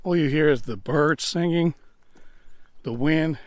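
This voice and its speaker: A man's voice: on the high side, measured pace, long pauses, no room sound. Winded man vlogging on a mountain climb. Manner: huffing, enthusiastic, talks to viewers while hiking. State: out of breath. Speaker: travel vlogger. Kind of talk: walking vlog narration. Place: outdoors on a mountain trail.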